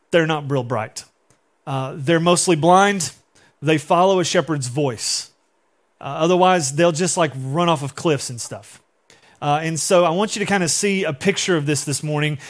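Conversational male pastor, slightly high voice. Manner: conversational, acts out quotes in different voices. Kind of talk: sermon.

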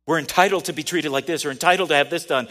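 A man's voice: a little high, very fast, fairly bright tone. Man preaching a conversational sermon. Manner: conversational preaching, rising to emphatic peaks. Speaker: pastor.

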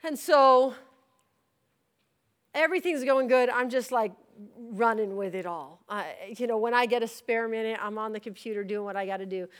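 A middle-aged woman gives a personal testimony in a sermon, her voice sitting fairly high. She tells it like a conversation, acting out her own past words as she goes. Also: normal speed, clear, resonant tone. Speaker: church leader giving a testimony.

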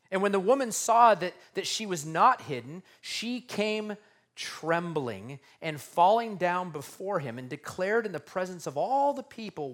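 A male pastor preaching a conversational sermon, acting out the scenes as he tells them. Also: high voice. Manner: animated, conversational, acts out scenes.

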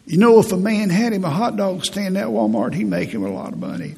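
A man in his fifties with a raspy voice, preaching a folksy, humorous sermon as a pastor. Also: sits high, sing-song, brisk, dark tone, big-room sound. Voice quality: raspy, gravelly. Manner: storytelling, humorous, laughs at own stories.

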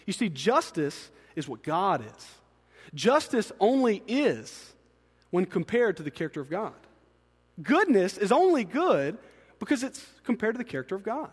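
High-voiced preacher in a big hall. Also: male voice, unhurried, husky. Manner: animated, swinging between hushed asides and loud emphatic peaks. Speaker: pastor. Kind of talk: sermon. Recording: long reverb in a large hall.

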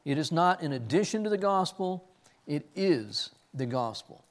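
A man's voice: a little high, expressive, moderate pace. A man preaching an expository sermon, earnest, who often repeats words as he searches for the next ones. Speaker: pastor. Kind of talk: expository sermon with personal story.

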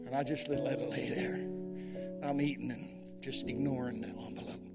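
A man's voice: mid-range voice, flat delivery, moderate pace, creaky, over loud music. A man preaching a sermon, telling folksy personal stories and urging his listeners on with fervent exhortation. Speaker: evangelist preacher. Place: church men's conference.

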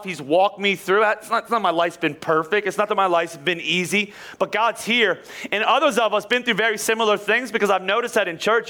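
A man from Pennsylvania with a slight Pennsylvania accent, preaching a sermon in an energetic way, joking with the congregation and often repeating words. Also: sits high. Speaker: pastor.

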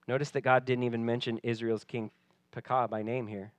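A man preaching a sermon, expressive, dropping to a soft voice when he quotes and rising when he stresses a point. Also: medium pitch, brisk. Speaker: pastor.

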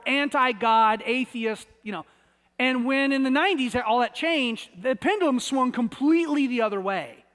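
High-pitched american pastor guy giving a sermon, chatty, stumbles and repeats words, lots of hall echo. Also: pushed and bright. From United States. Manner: conversational, repeats words while searching for phrasing.

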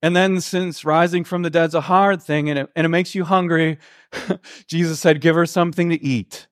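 A man preaching a sermon, retelling a Gospel story in an earnest, halting way, with frequent restarts and slow, quiet quotations. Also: fairly high pitch, fairly even intonation. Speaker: pastor.

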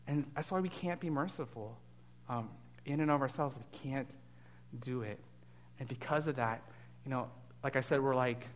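A man giving a sermon as a guest pastor in a church, telling stories in a conversational way with many fillers and growing loud and animated when he quotes people. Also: mid-range voice. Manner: conversational storytelling with frequent fillers.

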